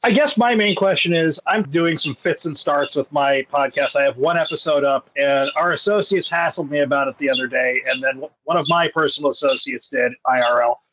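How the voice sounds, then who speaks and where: A man's voice: on the high side, brisk, hardly any pauses, a bit bright. A man calling in to a podcast, wry and confident, a bit hesitant when asking his question. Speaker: caller. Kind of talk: live call-in question. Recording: dull remote line, faint noise.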